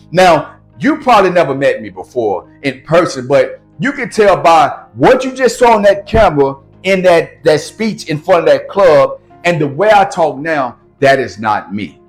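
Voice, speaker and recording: A man's voice: a little high, sing-song, normal speed, hardly any pauses, soft background music. A man coaching storytelling in casual talk to camera, speaking plainly in an urban American street dialect.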